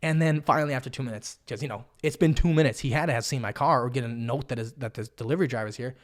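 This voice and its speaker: A man hosting a podcast, telling a story in a comic monologue, animated, excitable and full of swearing. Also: medium pitch, racing. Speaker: podcast host.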